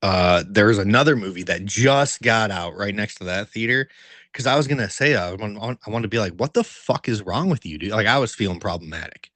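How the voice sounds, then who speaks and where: A man co-hosting a podcast, telling a story in a casual, animated way, swearing a lot and filling it with "like". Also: lowish voice, fairly quick, no room sound. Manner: animated, profanity-heavy storytelling with many fillers; laughs while telling the story. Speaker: podcast co-host. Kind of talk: casual chat.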